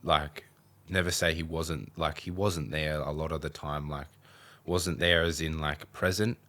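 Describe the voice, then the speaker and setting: Give me a young Australian man with a deep voice, a podcast guest who rambles casually. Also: fairly even intonation, a little slow, fairly bright tone. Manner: rambling, full of "like".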